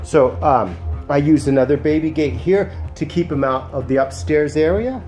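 A man who sits and trains dogs, explaining casually at home. He alternates soft, soothing praise with short, firm commands. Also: a little high, moderate pace, faint music behind. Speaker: dog sitter and trainer. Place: indoors at home.

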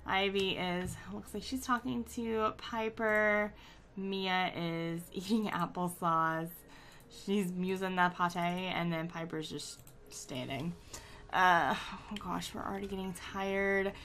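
A woman giving casual let's-play commentary, chatty and excitable, gushing and teasing herself as she plays. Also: on the low side, takes it slowly. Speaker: gaming YouTuber.

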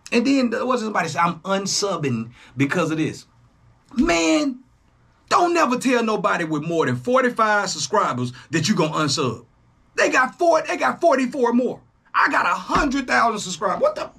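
A young man talks straight to his viewers, his husky voice sitting fairly high. His speech leaps up and down in pitch as he fires off loud, profane jabs and drops into quieter asides. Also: moderate pace. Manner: animated, profane, swings between loud jabs and low asides. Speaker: YouTube reaction host. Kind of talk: casual monologue to camera.

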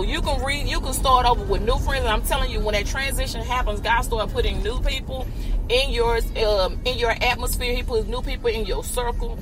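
A woman podcast host giving a live faith talk while driving, breaking into loud joyful praise. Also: fairly high pitch, rough recording. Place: in a car. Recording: street and car noise. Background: car and road noise.

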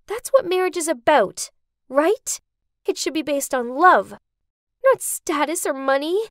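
A woman's voice: high voice, animated, a little slow, a bit bright, no room sound, clean studio sound, voice pushed up. A woman voicing an outspoken, principled young woman in a story, speaking emphatically. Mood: earnest. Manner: emphatic and heated.

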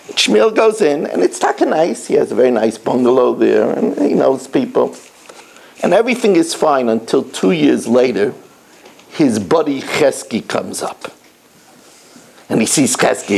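A high, lively male voice that swoops up and down as a middle-aged rabbi preaches to schoolboys. He tells stories and repeats his points for emphasis. His words come slowly, with a gravelly edge. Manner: animated storytelling, emphatic repetition. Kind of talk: sermon to schoolboys.

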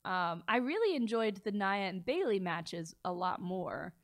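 A woman co-hosting a wrestling talk show in casual chat, opinionated and quick to laugh. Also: mid-range voice, sing-song, gravelly. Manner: opinionated, chatty, laughs easily.

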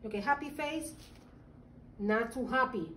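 High-voiced teacher in an echoey room. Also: female voice, unhurried, far from the mic. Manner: animated, acts out the children's feelings. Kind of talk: reading a social-emotional lesson to young children. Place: classroom.

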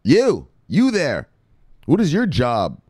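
A man doing the voice of a gruff, foul-mouthed Spartan king who barks profane questions at his troops. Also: a little high, wildly swooping pitch, takes it slowly, darkish tone, no room sound, studio quality, pitched above the performer's own voice, full character voice. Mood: scornful.

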